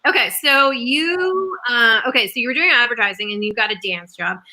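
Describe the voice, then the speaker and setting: A woman's voice: fairly high pitch, normal speed, pushed and bright. A woman co-hosting a podcast, chatting casually and asking her guest questions. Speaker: podcast co-host. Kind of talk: casual chat.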